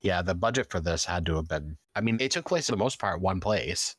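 Male podcast co-host, very deep voice, relaxed and dry, close dry recording. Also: brisk, no room sound. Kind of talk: casual movie review chat.

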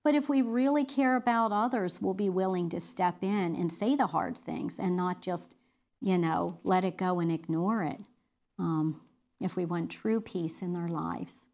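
A woman's voice: lowish voice, a little slow, a little mellow. A middle-aged woman leading a women's Bible study, talking earnestly and conversationally with fillers and restarts.

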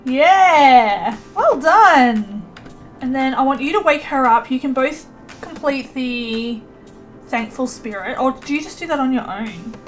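A woman's voice: sits high, normal speed, soft background music. A young woman chatting through a life-sim game, bossing the characters around and laughing often. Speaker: let's play gamer. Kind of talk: casual gameplay commentary.

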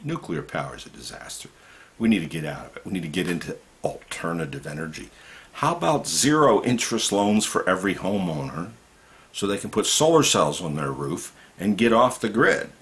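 Gravelly man ranting with big swings. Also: big pitch swings, fairly quick. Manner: swings between loud outbursts and low muttering. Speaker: activist vlogger. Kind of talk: impassioned political monologue.

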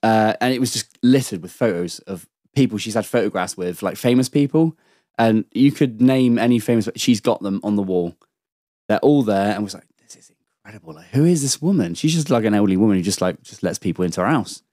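A man's voice: lowish voice, expressive, a little fast, mellow, no room sound, clean studio sound. A young man, telling a rambling, sweary anecdote as a podcast guest in casual chat. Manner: rambling anecdotal storytelling, lots of swearing and restarts.

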